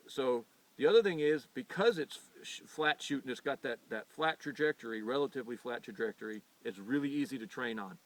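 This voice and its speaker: A man's voice: medium pitch, fairly bright tone. Rambling middle-aged American man, heard from a distance. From United States. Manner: rambling, with frequent stumbles and repeated words; earnest and insistent when arguing. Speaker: firearms channel host. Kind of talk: unscripted opinion monologue. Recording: voice picked up from a distance.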